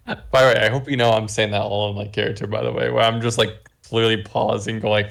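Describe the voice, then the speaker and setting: A man with a gravelly, creaky voice playing his character in a tabletop game. He stops to search for words and keeps breaking into laughter, awkward and playful. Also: fairly low pitch, flat delivery, moderate pace, fairly bright tone. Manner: hesitant, giggly. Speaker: player. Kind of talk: in-character tabletop role-play.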